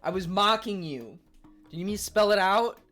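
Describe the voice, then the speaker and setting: A male streamer chatting live with his viewers, reading their messages aloud and arguing back defensively between bites. His pitch swings up and down a lot as he talks. Soft music plays faintly underneath. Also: expressive. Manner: reads chat aloud and answers, eating on stream; defensive, quick to argue. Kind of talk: casual livestream chat.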